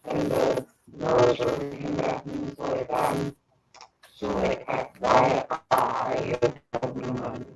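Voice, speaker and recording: A woman hosting a casual live-stream chat over a video call, with a gravelly, smoker-like voice, talking in a slow, rambling way that trails off. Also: very deep voice, monotone, over music, rough recording. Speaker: host.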